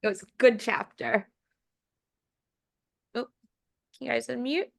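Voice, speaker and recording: A woman's voice: fairly high pitch, measured pace, creaky, dry recording, clean studio sound. A woman casually moderating a class call, prompting students to speak.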